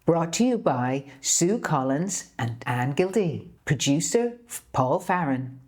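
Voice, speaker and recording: A woman's voice: deep voice, big pitch swings, takes it slowly, darkish tone. A woman co-hosting a casual chat show, telling rambling anecdotes with cheeky swearing. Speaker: co-host.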